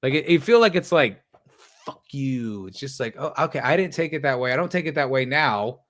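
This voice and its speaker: A man's voice: medium pitch, expressive, fairly quick, fairly bright tone. A man hosting his own podcast, giving casual solo commentary in a sarcastic, rambling way, often mocking quoted voices. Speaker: podcast host.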